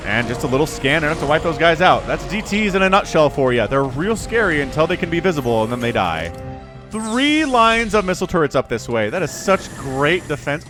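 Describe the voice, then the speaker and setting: Young man narrating a real-time strategy match with a fairly high voice and a lively, bouncing delivery. He talks fast and chatty, reacting excitedly to each fight, with faint background music under him. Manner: excitable, chatty, laughs while talking. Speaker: esports caster. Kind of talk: solo play-by-play game commentary.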